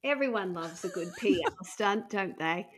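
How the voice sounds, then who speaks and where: A woman's voice: medium pitch, expressive, moderate pace, husky. Bawdy laughing woman comedian. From Australia. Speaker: comedian guest. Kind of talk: casual podcast chat.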